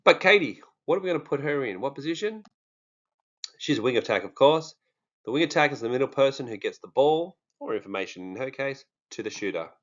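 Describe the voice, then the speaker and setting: A man's voice: medium pitch, animated, brisk, a bit bright, muffled recording. A man with an Australian accent, talking casually and jokingly to his viewers, with many fillers. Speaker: true crime vlogger. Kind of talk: casual monologue to camera.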